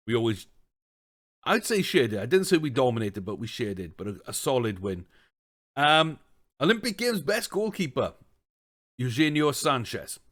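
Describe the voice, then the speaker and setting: A man streams himself playing a football management game and talks it through in a casual, chatty way. His voice sits at an ordinary middle pitch. He thinks out loud and now and then breaks into exasperated rants. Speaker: gaming streamer. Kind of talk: casual let's-play commentary.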